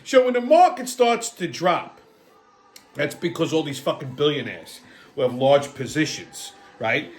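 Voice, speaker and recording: A high-voiced man holds forth in a profane comic rant, blunt and combative. He keeps punching lines with "okay?" and acts out both sides of his stories. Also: expressive, unhurried. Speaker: host. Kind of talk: profane comedic weekly rant.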